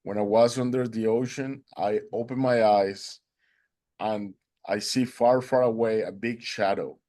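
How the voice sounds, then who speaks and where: A man's voice: fairly low pitch, fairly even intonation, measured pace, dark tone. Earnest man, Spanish native, telling a story. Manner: earnest, non-native English phrasing; acts out quoted dialogue in a raised voice. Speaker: interview guest.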